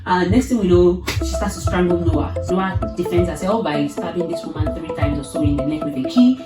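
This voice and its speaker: A young woman with a lowish voice recaps a thriller in an animated, swearing rant, scolding the characters as she goes. She sits at some distance from the mic in an echoey room, with music playing clearly behind her. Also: a little fast. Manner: animated, exclaiming, swearing, talking back at characters. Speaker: movie reviewer. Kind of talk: casual movie recap and rant.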